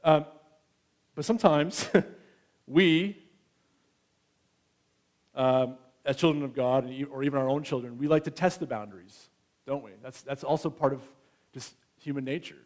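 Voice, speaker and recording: A man's voice: mid-range voice, moderate pace, pauses often, darkish tone. A man in his thirties preaching a sermon in a conversational way, often checking in with his listeners. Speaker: pastor.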